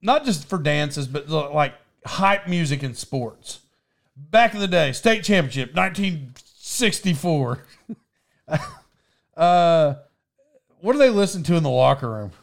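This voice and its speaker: A man's voice: fairly high pitch, animated, measured pace, gravelly. A man telling rambling stories in casual chat, laughing as he goes.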